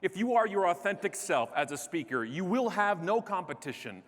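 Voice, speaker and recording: Animated man joking on a stage. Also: high voice, moderate pace. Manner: animated, joking, self-deprecating. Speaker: keynote speaker. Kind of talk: comedic keynote speech. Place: large conference stage. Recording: echoey hall.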